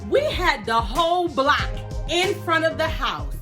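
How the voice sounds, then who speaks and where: A middle-aged woman hosting a vlog, telling a family story in an animated, dramatic way and acting out what the others said. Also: sits high, measured pace, music in the background. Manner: animated, dramatic retelling that acts out the others' lines.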